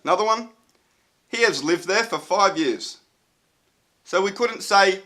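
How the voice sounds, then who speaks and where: A man's voice: high-pitched, lively intonation, unhurried, sharp tone. A man teaching English grammar in a casual online lesson, explaining step by step with frequent fillers. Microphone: solo video recording.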